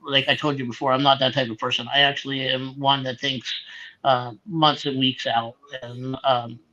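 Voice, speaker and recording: A man's voice: mid-range voice, level tone, moderate pace, sharp tone, lo-fi sound. A man being interviewed as a guest, talking hesitantly and trailing off with many ums. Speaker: guest awaiting sentencing. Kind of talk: casual interview talk.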